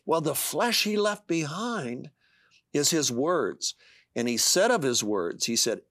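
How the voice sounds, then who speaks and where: A man's voice: a little high, sing-song, a little slow, a bit bright, no room sound. An older man, an author being interviewed, speaking earnestly and reading scripture aloud with passion. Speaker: author guest.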